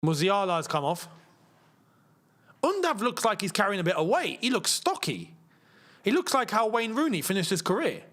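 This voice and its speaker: A young man hosting a live football watchalong, chatting casually and reacting loudly to chances on the pitch. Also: big pitch swings, moderate pace, pauses often. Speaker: football channel host. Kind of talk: live match watchalong chat.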